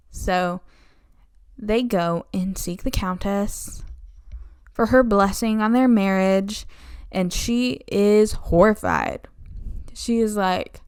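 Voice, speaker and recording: Young woman with a crisp, sarcastic voice. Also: medium pitch, darkish tone, no room sound, clean studio sound. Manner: flippant, sarcastic, slipping into mock voices. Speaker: video essayist. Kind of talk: casual plot recap.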